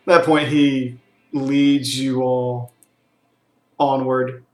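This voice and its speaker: A man narrating a tabletop game as game master, in a relaxed way with fillers. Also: medium pitch, drawn-out words. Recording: roomy echo with faint music.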